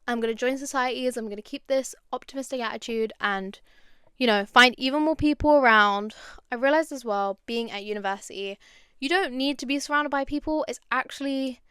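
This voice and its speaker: Chatty young woman, bright and clear. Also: a little high, no echo, studio quality. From London. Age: young adult. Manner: chatty and animated, going off on tangents. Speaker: podcast host. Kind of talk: casual chat.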